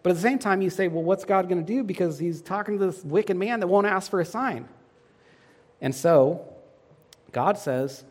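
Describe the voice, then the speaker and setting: A man's fairly high voice rings out through a hall with a long reverb. He preaches a sermon and often asks the congregation questions. His emphasis keeps shifting as he makes each point. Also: normal speed. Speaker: pastor.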